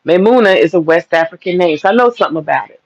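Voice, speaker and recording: Deep gravelly woman ranting on a stream. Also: lively intonation, rapid-fire, no echo, highs cut off. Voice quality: deep voice while lying down. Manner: blunt, profane, rambling. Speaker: live-stream host. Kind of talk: casual live-stream rant. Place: lying down at home.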